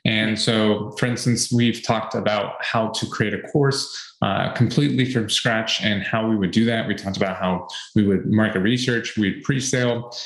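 A man with a lowish voice talks through business tips in an earnest, casual way, circling back to his points with ums and uhs. His voice rings a little in an echoey room. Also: fairly even intonation, moderate pace, few pauses, fairly bright tone. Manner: earnest, repeats points with fillers. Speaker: podcast co-host. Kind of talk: casual advice chat.

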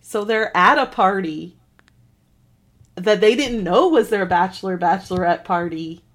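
A woman's voice: mid-range voice, measured pace. Matter-of-fact woman podcaster. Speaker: podcast co-host. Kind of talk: casual chat.

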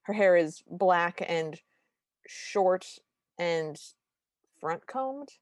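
Low-voiced woman in chatty, wry cartoon talk. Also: lively intonation, drawn-out words, a little mellow, no room sound. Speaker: podcast co-host. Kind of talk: casual chat reviewing a cartoon.

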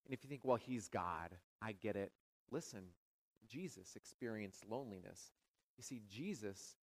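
A male pastor preaching a sermon, with dramatic rises into near shouting and hushed, quiet drops. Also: mid-range voice, dry recording, poor audio.

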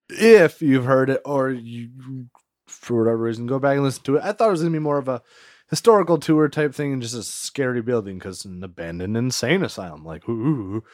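A male podcast co-host tells a rambling story in a casual chat, peppering it with "like" and laughing often. His mid-range voice is a little mellow, and the studio sound is clean and dry.

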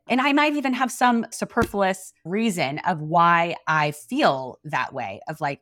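A woman in her forties co-hosting a faith podcast, chatty and lively, acting out little quoted dialogues as she talks. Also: fairly low pitch, unhurried, few pauses, no echo, clean studio sound. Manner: chatty, acts out quoted dialogue, many likes. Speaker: co-host. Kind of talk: faith-based podcast chat.

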